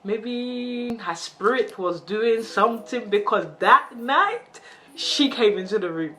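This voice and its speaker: A young woman, telling a dramatic storytime in an animated, laughing way. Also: a little high, unhurried, noisy background. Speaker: vlogger. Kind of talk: storytime vlog. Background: background music.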